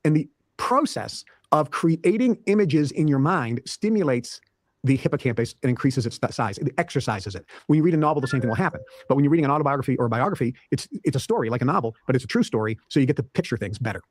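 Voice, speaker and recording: A man teaches breathing and brain habits in a brisk, emphatic way, often repeating himself. He talks quickly at a mid pitch. His mic is close and dry, with no room echo. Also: lively intonation. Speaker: guest teacher. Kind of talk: instructional talk on health and mind.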